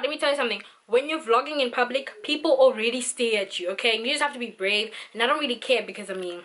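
Young woman, South African accent, fairly high voice, bright sharp tone, exasperated rant. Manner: exasperated, ranting, full of fillers. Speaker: vlogger. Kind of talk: venting vlog monologue.

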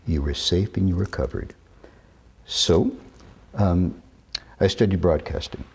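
Measured, husky man in his sixties. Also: low voice. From New York. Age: 60s. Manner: measured, deliberate, careful diction. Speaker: interview guest. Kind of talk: reminiscing interview talk.

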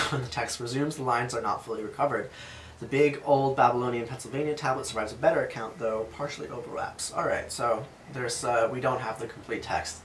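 A man's voice: mid-range voice, fairly bright tone, roomy sound, a little hiss or hum. A man reading an ancient epic aloud and explaining it in a casual, chatty way with jokey asides.

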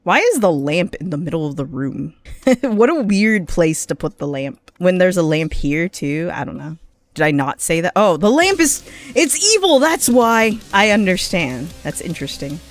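A woman's voice: fairly low pitch, big pitch swings, moderate pace. A young woman streamer casually commentating a game, swearing, laughing and reading game text aloud.

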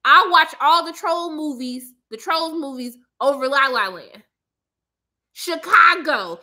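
A young woman with a high, bright voice talks straight to her viewers in a casual, blunt rant. She is sassy and emphatic, with a fired-up edge to her delivery. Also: measured pace. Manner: blunt, animated, sassy ranting. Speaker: movie commentator.

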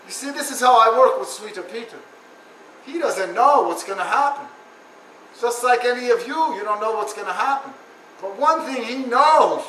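Playing a god in a stand-up rant, a man with a very high, bright voice chants looping rhymes, repeats lines and jeers profanely in a preachy way. He sounds distant from the mic in an echoey room with faint noise.

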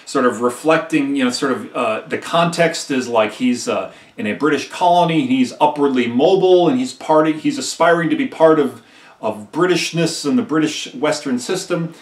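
A man's voice: mid-range voice, moderate pace, reverberant, far from the mic. A male history teacher giving a conversational recorded lecture, who often checks in with "right?" and acts out quotes emphatically.

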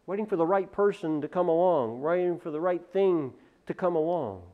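Male pastor, sermon, fairly high voice, impassioned rhetorical questions, repeats words. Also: expressive, moderate pace, narrow, tinny audio. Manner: impassioned, swings between loud rhetorical questions and quiet asides.

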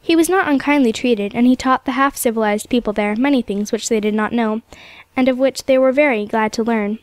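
A woman's voice: a little high, brisk, no room sound. Woman reading a storybook aloud. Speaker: story narrator.

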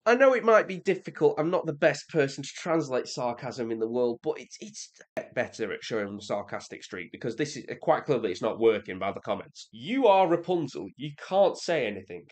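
A young Englishman with a clear English accent reads and answers viewer comments in a relaxed, chatty way. He is dry and sarcastic, then climbs into high, exasperated bursts when something riles him. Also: a little fast, few pauses. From England. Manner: sarcastic, swings into exasperated high-pitched rants. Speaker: reaction video creator. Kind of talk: casual reaction commentary.

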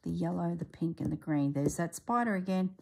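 A woman's voice: on the low side, fairly quick, creaky, mellow, breathy edge. A woman chatting casually as she reviews a craft book, exclaiming and thinking aloud, often trailing off mid-sentence.

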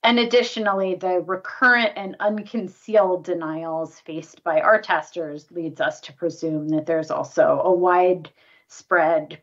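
A woman reading a prepared statement in a formal, measured way as an advocate testifying at a public hearing. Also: low voice, muffled recording.

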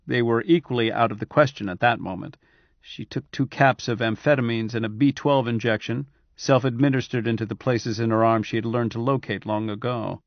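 A man narrating an audiobook in a steady, even-handed reading voice. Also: mid-range voice, dry recording. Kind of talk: scripted narration. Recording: dry, slightly dull audiobook recording.

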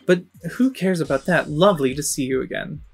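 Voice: medium pitch, a little fast, gravelly, husky. A streamer voicing a sly flirting mouse thief. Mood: teasing. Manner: teasing, coy.

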